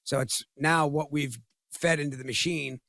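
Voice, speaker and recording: Middle-aged male guest, halting delivery with lots of repeated words, dry close sound. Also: a little high, steady tone, creaky, pushed and bright, no room sound. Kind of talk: casual podcast conversation.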